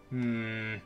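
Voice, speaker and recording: Young guy rambling thru a strategy game stream, regular pitch, quiet music behind him. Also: clear, resonant tone. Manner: rambling, chatty, reacts aloud to the game. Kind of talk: live game commentary.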